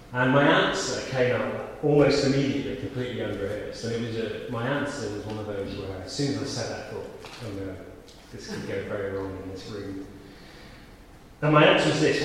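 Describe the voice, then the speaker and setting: A man's voice: lowish voice, a little hiss or hum. A man preaching a sermon, his voice filling a very echoey church with a long reverb tail. He talks in a conversational way, then pushes to sudden emphatic peaks. Faint room ambience sits underneath.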